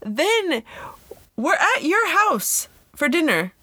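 A woman's voice: very high voice, slow pace, no room sound. Woman in her 30s on a podcast, chatty, acts out the quotes, dead dry closet sound. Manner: animated storyteller, acts out quotes. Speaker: podcast co-host. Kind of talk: casual chat. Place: small closet.

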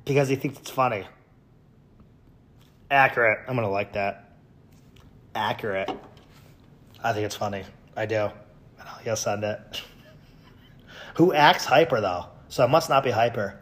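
A man's voice: on the low side, measured pace, long pauses. Sarcastic man mocking tweets aloud. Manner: sarcastic, mocking, swings into loud yells. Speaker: podcast host. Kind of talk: casual commentary reading tweets.

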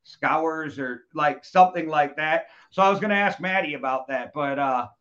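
Man, fairly high voice, casual podcast host, joking and cursing, dull lo-fi audio. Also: normal speed, fairly bright tone. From United States. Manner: loose, joking, swears freely. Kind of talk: casual chat. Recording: dull lo-fi sound.

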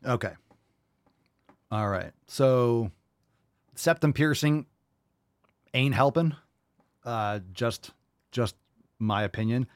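A brash male host delivering blunt commentary at a middle pitch, recorded close and dry. He swears freely and mocks his targets with rapid rhetorical questions. His talk is loose and animated. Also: dry recording. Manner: brash, profane, mocking.

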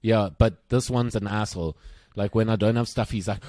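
A man's voice: on the low side, normal speed, a little mellow, no echo. A young man co-hosting a casual podcast, telling a story with lots of swearing and mimicking the people in it. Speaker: podcast co-host.

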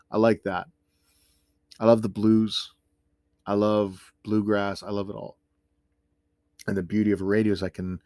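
Podcast host, male, lowish voice, dry close sound, rambling and self-mocking. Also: a little mellow, no room sound. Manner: chatty, ranting, self-deprecating. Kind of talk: casual solo podcast talk.

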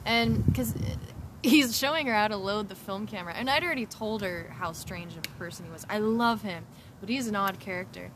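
A woman's voice: mid-range voice, fairly quick, a bit bright, slight background noise. A woman director and producer, a guest in a casual chat, talking frankly and animatedly, laughing often and swearing freely.

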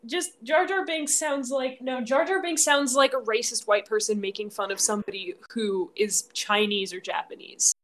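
A woman's voice: a little high, normal speed, hardly any pauses, fairly bright tone. A woman on a podcast talking emphatically and teasing her friends. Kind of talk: casual chat.

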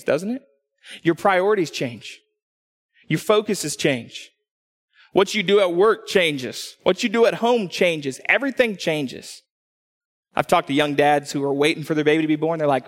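Pastor preaching in a reverberant hall. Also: male voice, on the high side, normal speed. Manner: animated storytelling, acts out quotes. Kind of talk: sermon. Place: church hall.

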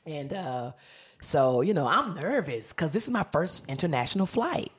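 Woman comedian guest, husky, animated storyteller, casual and profane. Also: low-pitched, normal speed. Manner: animated, laughing, swears freely.

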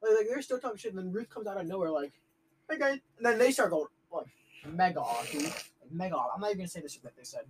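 A man telling a story in a casual chat among friends, with animated retelling and lots of filler words. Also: sits high, quick pace, slight background noise, poor audio. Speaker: podcast co-host.

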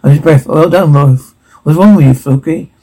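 A man reading audio description, voicing sound cues and dialogue in a flat, even way. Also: a little high, moderate pace, poor audio.

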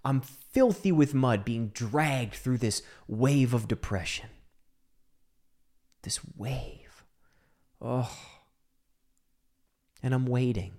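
A man telling a personal story into a microphone, shifting between hushed whispers and emphatic outbursts. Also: medium pitch, lively intonation, a little slow, few pauses. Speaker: speaker on mental health.

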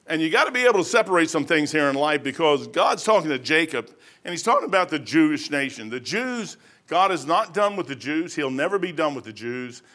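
A middle-aged man preaching an informal, rambling sermon, folksy in manner and rising to loud, emphatic bursts. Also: a little high.

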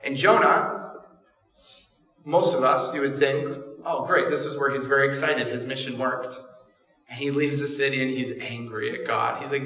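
Pastor preaching in an echoey hall. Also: male voice, medium pitch, fairly even intonation, normal speed, pushed and bright, distant mic. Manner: casual, humorous storytelling. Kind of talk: sermon. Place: church auditorium.

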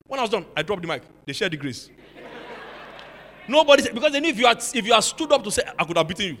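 High-voiced preacher man, loud swings. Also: very animated, very fast, in a large hall. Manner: swings from low musing to shouted rebuke. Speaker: pastor. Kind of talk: sermon.

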